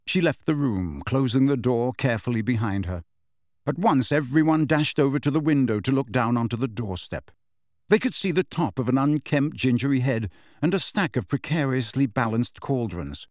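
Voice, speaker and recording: A man narrating an audiobook in an expressive, measured storytelling manner. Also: mid-range voice, no room sound, clean studio sound.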